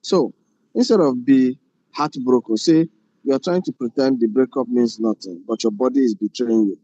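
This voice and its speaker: A man's voice: mid-range voice, moderate pace, warm tone, dry recording, dull audio. Man lecturing. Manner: repeats phrases, explains with rhetorical questions. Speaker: film directing instructor. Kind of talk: classroom lecture.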